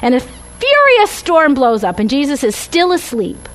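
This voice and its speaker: A woman's voice: high voice, wildly swooping pitch, unhurried, a bit bright, rough recording. A woman teaching a Bible study class with slides, talking conversationally and often checking in with "right?" and "okay?".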